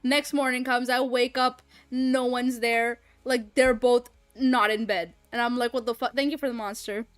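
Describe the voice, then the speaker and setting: A woman's voice: fairly high pitch, unhurried, hardly any pauses, no room sound, faint music behind. A young woman streamer chatting casually and telling a story with lots of laughter and some swearing. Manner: animated, laughing often, swearing freely. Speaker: streamer and voice actor. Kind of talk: casual chat recounting a story.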